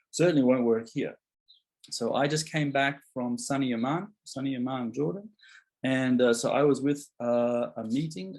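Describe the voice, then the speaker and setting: Husky-voiced man preaching a sermon. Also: mid-range voice. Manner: conversational, animated, acts out voices of biblical figures. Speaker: pastor. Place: church.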